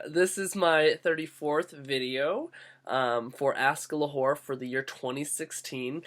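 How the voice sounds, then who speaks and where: A man's voice: on the high side, fairly bright tone. Groggy young man, earnest vlog talk. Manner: earnest, halting with restarts and fillers. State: groggy, getting sick. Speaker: vlogger. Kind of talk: casual reflective vlog.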